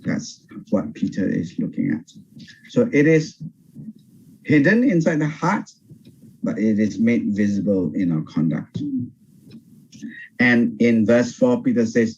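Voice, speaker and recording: Older pastor, dull video-call sound. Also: male voice, on the low side, slight background noise. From Singapore. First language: Teochew. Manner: animated, pauses and restarts often. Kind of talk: Bible study teaching. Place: home over video call.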